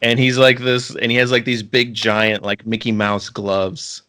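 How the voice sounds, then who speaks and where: A man's voice: medium pitch, completely flat delivery, a little slow, bright, forceful tone, slight background noise. A man co-hosting a podcast, chatting casually and rambling with frequent restarts and filler words. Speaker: podcast co-host. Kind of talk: casual chat.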